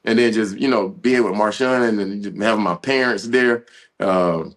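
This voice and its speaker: A man in his thirties, a former football player, telling an emotional personal story as a podcast guest, earnest and halting, with restarts and fillers. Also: on the low side.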